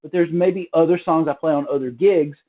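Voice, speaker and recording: A man giving a relaxed, casual drum lesson from a hotel room, explaining with fillers and restarts. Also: a little high, brisk, phone-quality sound. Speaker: drum teacher. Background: drum practice pad.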